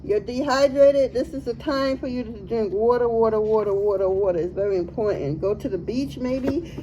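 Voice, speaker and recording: A woman's voice: a little high, moderate pace, mellow, slight background noise, low-quality recording. Laughing, slangy woman tarot reader. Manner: laughs often, slangy and playful. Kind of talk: casual tarot reading.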